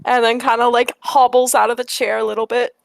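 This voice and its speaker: Gravelly higher-voiced woman player. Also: little pitch movement, fairly quick, dry recording. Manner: playful, describing her character in the third person. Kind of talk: playing a tabletop game character.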